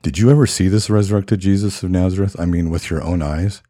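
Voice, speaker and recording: A man's voice: low voice, fast talker, mellow, no echo, studio quality. A man voicing a plain-spoken, earnest male teacher who confronts a preacher, read aloud from a film scene. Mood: questioning.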